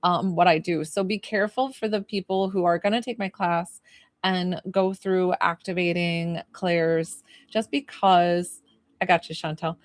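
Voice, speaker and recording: A woman's voice: on the low side, fairly even intonation, unhurried, dry recording. A woman working as a psychic medium, giving an emotional livestream reading in long, rambling sentences. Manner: relays messages as she hears them, quoting the spirit.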